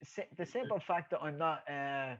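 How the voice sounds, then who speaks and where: A middle-aged Irish man, a former boxer appearing as a guest, tells stories casually in a slightly high, somewhat bright voice at normal speed. He rambles, repeats words, and laughs at his own tales, and the recording's highs are cut off.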